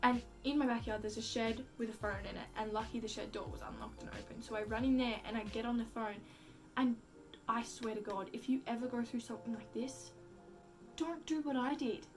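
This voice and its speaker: A woman's voice: on the high side, steady tone, fairly quick, soft background music. A young woman telling a story casually, full of "like" fillers and acted-out quotes, with casual swearing. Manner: chatty, heavy use of "like" fillers. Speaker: vlogger.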